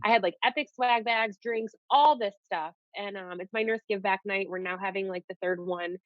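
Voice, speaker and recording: A young woman and nurse, telling her story in a casual, animated way and saying "like" often. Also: mid-range voice, normal speed, no room sound. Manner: animated, peppers speech with "like". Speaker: nurse guest. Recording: dull lo-fi audio.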